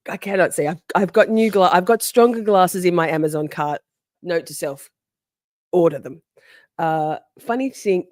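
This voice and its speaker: A woman's voice: lowish voice, animated, measured pace, a little mellow, dry recording, clean studio sound. A woman hosting a casual livestream, chatty and sassy, reading out viewer comments, answering them, laughing often and swearing freely. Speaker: livestream host.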